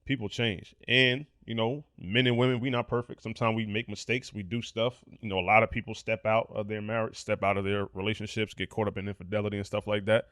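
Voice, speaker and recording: A man's voice: on the low side, level tone, quick pace, hardly any pauses, fairly bright tone, dry recording, studio quality. A man co-hosting a casual podcast chat, talking in a slangy, blunt way and swearing freely. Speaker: podcast co-host.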